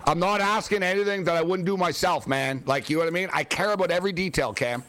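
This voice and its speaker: A man's voice: sits high, quick pace, fairly bright tone, no echo. A man hosting a sports talk radio show, emotional and rambling, repeating himself.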